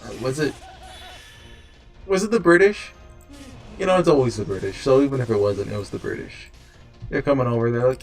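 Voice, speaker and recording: A man's voice: medium pitch, brisk, pauses often, darkish tone, far from the mic, soft background music. A man giving casual, rambling commentary on a video game, joking as he goes and reading the game's dialogue aloud. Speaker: let's play streamer.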